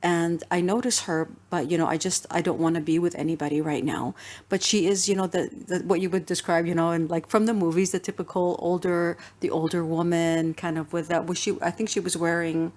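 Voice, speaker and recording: A woman co-hosting a talk show, telling a personal story in casual chat, emotional and halting, with many restarts. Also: fairly low pitch, flat delivery, darkish tone. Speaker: podcast co-host recounting a pilgrimage.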